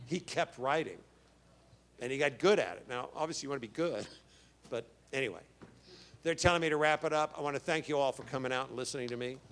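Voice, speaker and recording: A man of middle pitch tells a story to a fan-convention crowd in an easy, conversational way. He drops into a brighter, higher voice to act out the lines of the people in his story, then settles back into plain talk. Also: fast, slight background noise. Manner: lively storyteller, acts out dialogue with rising pitch; casual, chatty, mild swearing. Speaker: guest actor at a fan convention panel. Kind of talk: stage anecdote to an audience. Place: convention stage.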